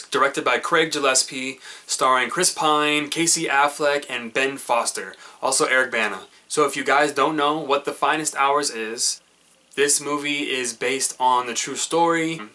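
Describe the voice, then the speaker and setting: A man's voice: medium pitch, moderate pace, bright, forceful tone. A man giving a casual, chatty movie review, rambling with fillers.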